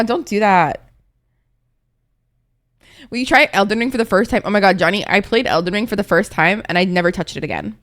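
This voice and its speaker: Young woman streamer, tired and congested, dramatic and sweary chat with viewers, mid pitch. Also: expressive, moderate pace, fairly bright tone, faint music behind. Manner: chatty, dramatic, swears a lot.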